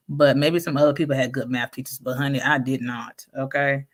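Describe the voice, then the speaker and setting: Sassy, low-voiced woman chatting. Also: steady tone, fast, few pauses, sharp tone. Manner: sassy, frank, laughs often, Southern slang. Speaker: vlogger reading viewer comments. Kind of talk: casual live chat.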